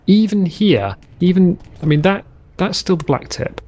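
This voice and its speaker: A man's voice: sits high, lively intonation, moderate pace, warm tone. Chatty man rambling over gameplay. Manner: rambling, chatty, musing aloud while playing. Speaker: gaming channel host. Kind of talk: let's play commentary.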